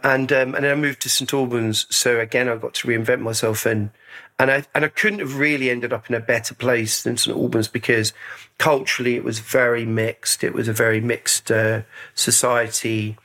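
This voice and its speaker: A man's voice: medium pitch, fairly even intonation, normal speed, bright, forceful tone. A middle-aged man from Scotland, a photographer interviewed as a guest, telling stories about his youth in a chatty, self-deprecating way. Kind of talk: casual conversational storytelling.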